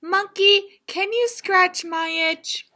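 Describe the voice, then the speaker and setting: A woman voicing an eager, fretful male rhino with an itch he cannot reach, pleading and excited, in a children's story. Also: very high-pitched, takes it slowly, pitched above the performer's own voice, exaggerated voice.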